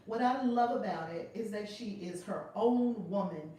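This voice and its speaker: A woman's voice: mid-range voice, moderate pace, mellow. A woman hosting a live-streamed class as a spiritual teacher, exuberantly greeting viewers by name and then teaching, stressing key words. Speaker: spiritual teacher and channel host. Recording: echoey room, far from the mic, faint noise.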